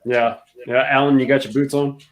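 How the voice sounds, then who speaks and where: A man's voice: mid-range voice, level tone, a little fast. A man from the middle of the United States in casual chat, laughing often and asking easy questions.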